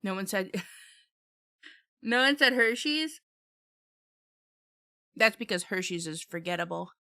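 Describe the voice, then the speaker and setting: A woman chats casually on her live stream, laughing often and talking between bites of food. Her voice is bright and a bit sharp. The sound is dry and close, with no room echo. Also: medium pitch, animated, takes it slowly, vocal fry. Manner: chatty, laughs often, talks while eating.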